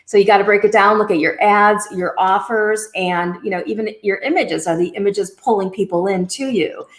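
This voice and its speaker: A woman's voice: mid-range voice, normal speed. A woman hosting a casual chat, upbeat and affirming. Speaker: host.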